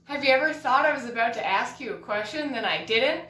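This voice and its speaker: A young woman delivering a deadpan comedy monologue of absurd one-liners, recorded on a household item used as a mic. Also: a little high, fairly quick, roomy sound, slight background noise.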